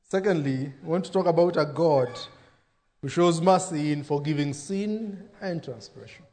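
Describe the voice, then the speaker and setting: A pastor preaching a sermon, dropping into quoted voices for emphasis. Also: male voice, a little high, normal speed, darkish tone.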